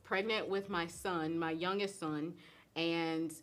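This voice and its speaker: A middle-aged woman, chatting casually on a live stream as a host and cook, animated and laughing often. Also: fairly low pitch, takes it slowly. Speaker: host and cook answering viewer questions.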